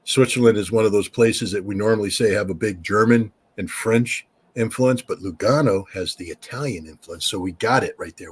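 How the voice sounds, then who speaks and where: Blunt American man with a husky voice. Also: lowish voice. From United States. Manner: blunt, emphatic, talks at length. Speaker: guest expert. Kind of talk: podcast Q&A.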